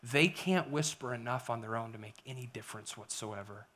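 A middle-aged man preaching a sermon as a pastor, animated, swinging between loud emphasis and hushed whispers. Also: mid-range voice, brisk, very noisy.

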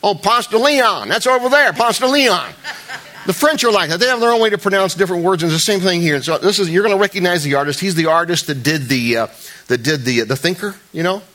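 Here a pastor talks fast while giving a sermon to his church, staying conversational and cracking jokes with the people in the pews. He restarts often and pushes his voice up, loud and high, to drive points home.

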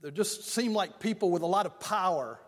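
An older man, a pastor, preaching a sermon in a folksy storytelling way and slowing down for emphasis. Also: high voice, expressive. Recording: long reverb of a large hall.

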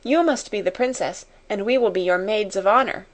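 A woman's voice: medium pitch, fairly quick, lightly acted. A woman voicing an imaginative young girl, gracious and dreamy, who speaks in a grand, storytelling way. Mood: warm.

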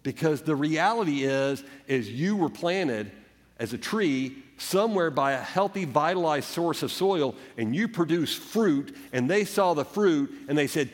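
A male pastor delivers an earnest sermon in a slightly raised voice. He now and then acts out the doubts of his listeners and the gentle words he puts in Jesus' mouth. The recording carries the long reverb of a church hall. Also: a little high, lively intonation, a little slow. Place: church sanctuary.

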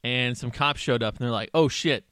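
A man's voice: medium pitch, fairly even intonation, a little fast, bright, forceful tone, smooth, dry recording, studio quality. A man in casual chat, rambling through stories and acting out the people in them. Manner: rambling, acts out quoted characters.

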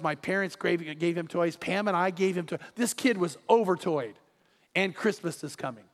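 A middle-aged man preaching in a high, bright voice that rises with emphasis. His storytelling is animated, and he drops to a near hush when he quotes. A long reverb rolls out behind him in a big church auditorium. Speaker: pastor. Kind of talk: sermon.

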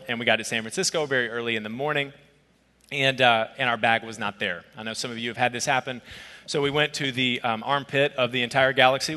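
A man preaching a sermon as a pastor, telling a personal story in an animated, conversational way with asides. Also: mid-range voice. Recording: long hall reverb.

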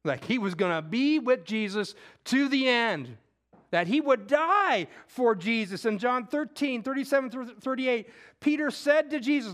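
A man preaching a conversational sermon, acting out scripture quotes and moving between loud emphasis and hushed, intimate moments. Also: extremely high pitch, lively intonation, a little slow. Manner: conversational, with casual slang.

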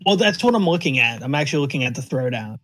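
A man's voice: mid-range voice, sing-song, quick pace, a bit bright. A man in casual podcast chat, blunt and incredulous, swearing freely. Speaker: podcast co-host.

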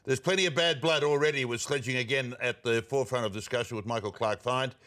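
A man's voice: mid-range voice, quick pace, a bit bright. Australian man weighing in on sport. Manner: hesitant analysis with fillers. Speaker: sports show co-host. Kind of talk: studio sports talk.

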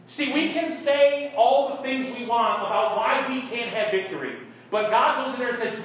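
A man's voice: very high-pitched, lively intonation, moderate pace, a little hiss or hum. A male pastor preaching a sermon in a conversational way, acting out Bible characters and putting questions to the congregation. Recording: echoey room from far off, dull sound.

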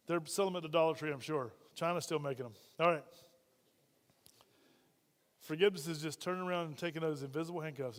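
This pastor's voice is on the high side, and he talks fast but leaves long pauses. His sermon is conversational and full of questions for the congregation, echoing with the long reverb of a church hall.

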